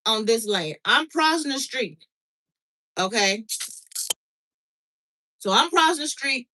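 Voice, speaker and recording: A middle-aged woman tells a story in a casual chat, her voice bright and a little high. She is animated, acts out the dialogue and keeps checking in with her listener. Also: rough recording. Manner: animated, reenacts dialogue, frequent "okay?" check-ins. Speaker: podcast host.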